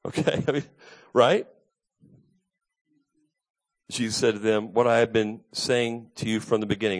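A man's voice: fairly low pitch, a little slow, long pauses. A man preaching an earnest, emphatic expository sermon as a pastor.

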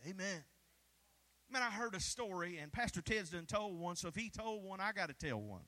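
A male pastor preaching with a very high, bright voice. He drives a fervent sermon with call-and-response and shouts at the peaks, and his tone stays forceful and sharp throughout. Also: animated, normal speed.

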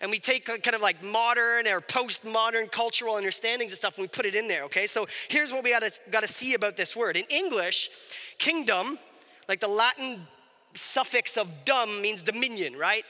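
Bright, high-voiced man preaching in a hall. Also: moderate pace. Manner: conversational, animated, asks the audience questions. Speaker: pastor. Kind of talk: sermon.

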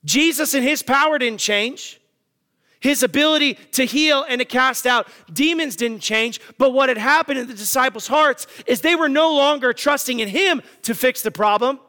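A man's voice: very high-pitched, normal speed, pushed and bright, big-room sound. A male pastor preaching a sermon to his congregation, emphatic and full of rhetorical questions.

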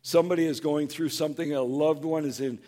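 A man preaching a sermon as a pastor, earnest and conversational. He acts out people's words in a higher, louder tone and goes soft on tender points. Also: fast talker. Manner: animated, acts out quoted voices in a higher, louder tone.

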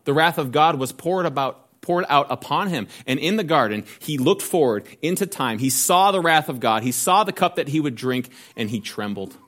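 A man preaching a sermon, asking rhetorical questions and slowing down to stress key phrases. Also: a little high, expressive, fairly bright tone. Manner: earnest preaching with rhetorical questions, slows for emphasis. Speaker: pastor.

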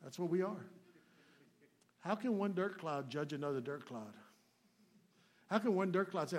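High-voiced folksy man preaching. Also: expressive, moderate pace, long pauses. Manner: folksy, swings between loud emphatic and hushed. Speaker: guest preacher. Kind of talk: sermon.

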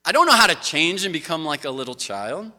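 Man, pastor, casual sermon, very bright tone, long reverb. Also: a little high, brisk. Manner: animated storytelling to a congregation. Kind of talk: conversational sermon.

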